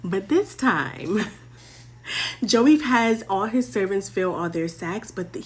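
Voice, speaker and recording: A woman's voice: mid-range voice, expressive, a little slow. A young woman hosting a show, casually retelling a Bible story in playful, slangy language with lessons at the end. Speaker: host.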